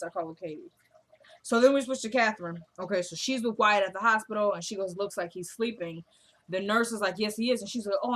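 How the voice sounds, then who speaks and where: A young woman casually recapping a TV episode, retelling scenes as quick quoted dialogue. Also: medium pitch, fairly bright tone.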